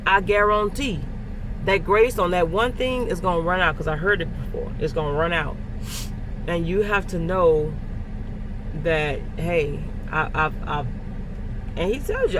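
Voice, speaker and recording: A woman's voice: lowish voice, lively intonation, unhurried, long pauses. Emphatic middle-aged woman over traffic noise. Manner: emphatic, repeats phrases for stress. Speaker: first grade teacher. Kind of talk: casual faith-filled vlog talk.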